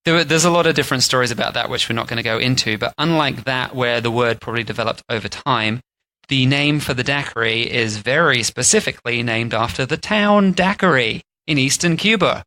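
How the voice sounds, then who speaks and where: Bright-voiced man hosting a casual podcast. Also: medium pitch, a little fast. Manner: playful storytelling, mock-posh impressions. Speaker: podcast co-host. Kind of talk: casual chat.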